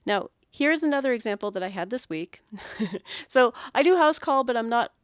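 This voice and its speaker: A woman hosting a podcast about dog grooming, telling animated stories about her week and acting out the owners and dogs. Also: fairly high pitch, normal speed, clear, resonant tone, no echo, clean studio sound. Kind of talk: solo podcast monologue.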